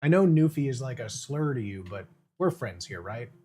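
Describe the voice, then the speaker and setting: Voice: mid-range voice, sing-song, normal speed, darkish tone, slight background noise. A live streamer in casual, playful chat with viewers, laughing often and eating candy while standing.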